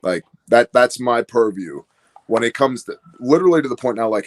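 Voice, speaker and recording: Man, podcast guest, casual, rambling, lots of fillers, mid pitch. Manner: fast, rambling, storytelling with many fillers. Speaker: guest, business owner.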